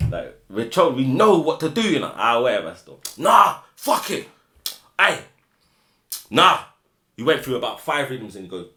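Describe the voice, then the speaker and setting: A man telling a casual anecdote, full of slang, acting out the people he quotes in loud shouted bursts. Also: medium pitch. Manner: animated, acts out shouted quotes, slang-heavy. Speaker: guest storyteller. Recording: echoey room.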